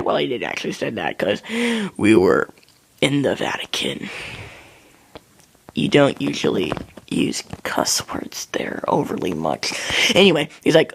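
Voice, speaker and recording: Gravelly rambling young guy. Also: fairly high pitch, big pitch swings, measured pace, fairly bright tone. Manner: rambling, jokey, self-correcting. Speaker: gaming channel host. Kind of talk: casual storytelling during a game.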